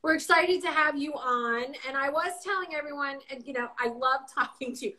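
A woman's voice: sits high, brisk, pushed and bright. A woman hosting a live video chat, with a mixed American accent touched by the South, chatty and bubbly with lots of fillers. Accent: mixed American with some Southern. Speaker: host. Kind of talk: casual chat on a livestream.

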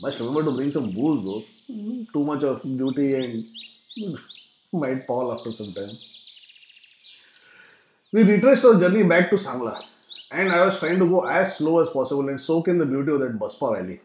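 A man's voice: medium pitch, lively intonation, normal speed, long pauses, a little mellow, echoey room, slight background noise. A man narrating a humorous travel story, acting out sound effects. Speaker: travel vlogger.

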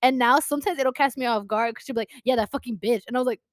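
A young woman talks fast and chattily with a friend, laughing often. Her voice sits a little high, and the sound is dry and close. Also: dry recording. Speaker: podcast co-host. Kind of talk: casual chat.

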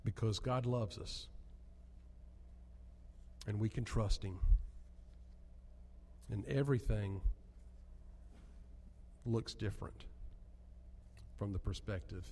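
A man's voice: lowish voice, slow, long pauses, a little mellow, in a large hall. A man preaching an earnest sermon as pastor, building to emphatic peaks.

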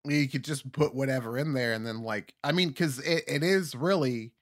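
A young man with a mid-range voice, chatting casually and comedically. He halts and restarts, leaning on fillers and casual swearing. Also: medium pitch. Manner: halting, filler-heavy, profane.

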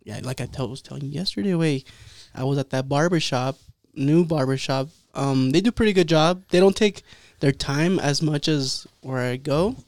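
A young man, a podcast co-host, telling stories in casual chat, swearing and acting out people in a higher voice. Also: moderate pace, dry recording, clean studio sound. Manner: animated storyteller, acts out quotes in a higher voice, swears a lot.

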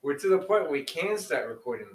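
A man's voice: on the high side, big pitch swings, fast, far from the mic. Casual male podcast co-host, rambly and laughing, a bit off-mic in a roomy space. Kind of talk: casual chat.

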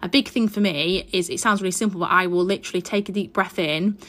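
A woman's voice: lowish voice, fairly even intonation, quick pace, a bit bright. A woman hosting a solo parenting podcast from her mother's house, chatting in a reassuring way and offering tips. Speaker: podcast host. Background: aeroplane overhead at times.

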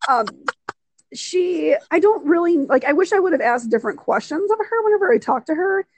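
A woman's voice: very high-pitched, brisk, a little hiss or hum, rough recording. A young adult woman co-hosting a casual chat, telling stories with lots of swearing. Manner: swears freely, animated storytelling. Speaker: podcast co-host.

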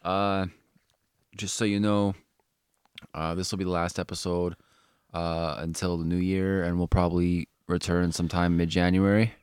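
Podcast co-host, male, very low voice, dry close sound, rambly and casual with filler words. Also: flat delivery, moderate pace, darkish tone, clear, resonant tone, dry recording. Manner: rambling, heavy use of "like" fillers, swears casually. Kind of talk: casual chat.

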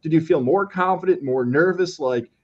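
A man's voice: a little high, normal speed, a little mellow, husky. A man hosting a casual interview, friendly and asking long follow-up questions. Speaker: podcast host. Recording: slightly dull, lo-fi audio.

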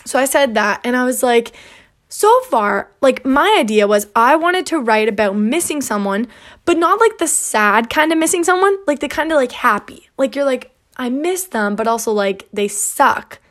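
A woman's voice: high-pitched, expressive, moderate pace, a bit bright. A young woman hosting a podcast, chatting casually and acting out back-and-forth dialogue, with lots of "like". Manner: chatty, peppered with "like", acts out quoted dialogue. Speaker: podcast host. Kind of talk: casual storytelling monologue.

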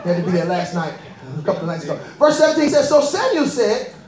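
A woman preaching a sermon in a lively, animated way, often laughing and calling out to the congregation. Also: mid-range voice, fast. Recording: echoey room.

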